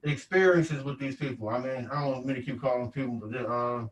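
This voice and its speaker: A man's voice: mid-range voice, reverberant, distant mic, noisy background. A man hosting a casual podcast chat, talking loosely with lots of fillers and restarts. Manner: loose, halting, many fillers. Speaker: podcast host.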